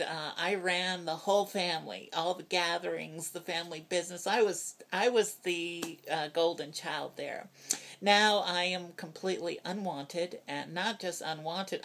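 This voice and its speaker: An older woman telling a personal story into a phone, earnest and halting, with many fillers and restarts. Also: low voice, fairly bright tone. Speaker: vlogger.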